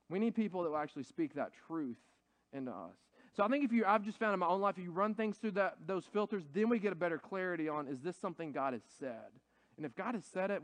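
A man's voice: fairly high pitch, dry recording. A man preaching a sermon in an earnest, conversational way, building up to emphatic points. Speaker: pastor.

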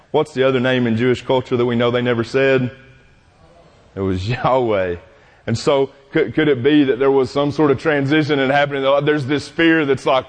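Animated pastor preaching in a church. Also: male voice, a little high, moderate pace, big-room sound. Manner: animated, acts out quoted voices. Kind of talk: sermon. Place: church sanctuary.

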